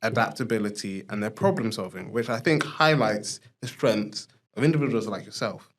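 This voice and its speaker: A man's voice: fairly low pitch, normal speed. A man hosting a podcast in a casual interview, chatty and loose, with many filler words and encouraging murmurs. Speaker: podcast host.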